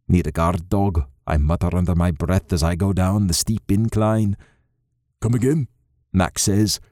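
A man narrating a first-person audiobook in a steady, low-key way. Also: no echo, clean studio sound.

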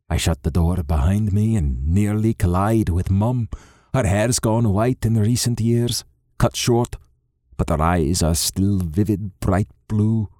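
Man narrating in a low voice. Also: a little mellow, dry recording, studio quality. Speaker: audiobook narrator. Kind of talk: first-person novel narration.

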